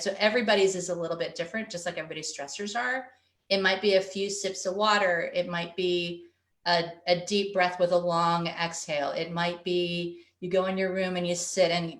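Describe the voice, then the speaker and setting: A woman parenting coach gives an earnest, explanatory webinar talk over a video call, her voice on the low side with a fairly bright tone in an echoey room. She often acts out the inner thoughts of a stressed parent.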